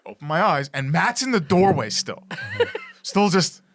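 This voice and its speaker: Man co-hosting a podcast, lively storytelling, bright slightly high voice, laughs a lot. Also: a little slow. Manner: animated, laughs through his story. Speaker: podcast co-host. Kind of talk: storytelling in casual chat.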